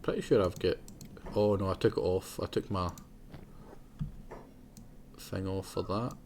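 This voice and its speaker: Young man, low voice, chatty game streamer, faint keyboard clatter behind. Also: measured pace, darkish tone, slight background noise. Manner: rambling, chatty, talks to himself, laughs often. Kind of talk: casual live gameplay commentary.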